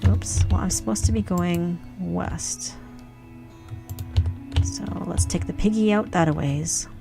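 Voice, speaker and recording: A young woman talks through a farming game in a low, relaxed register, thinking aloud as she plays. Her voice has a gravelly, fried edge, with soft game music faintly behind. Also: takes it slowly. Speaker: gaming youtuber. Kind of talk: casual gameplay commentary.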